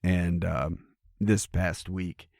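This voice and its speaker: A middle-aged man co-hosting a podcast in casual chat, hoarse and gravelly from losing his voice, rambling and swearing casually. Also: low voice, fairly even intonation, extremely slow, darkish tone, dry recording, studio quality. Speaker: podcast co-host. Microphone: studio microphone.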